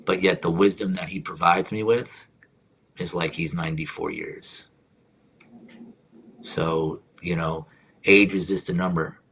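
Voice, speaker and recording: A man hosting a live stream, talking casually and reflectively about faith and life, sometimes slipping into soft whispered affirmations. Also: low-pitched, fairly even intonation, a little slow, pauses often, a little hiss or hum. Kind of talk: casual spiritual chat.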